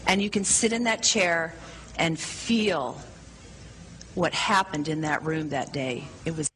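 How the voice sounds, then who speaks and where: A woman's voice: low-pitched, slow, fairly bright tone, poor audio. A woman preaching, telling a story to a congregation in an enthusiastic, breezy manner. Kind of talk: sermon storytelling.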